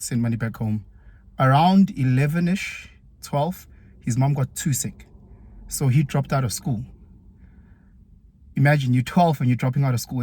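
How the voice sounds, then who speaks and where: A man from KwaZulu-Natal with a South African accent, a former teacher chatting through a personal story in a vlog, lively and jumping up in pitch when he acts out other people.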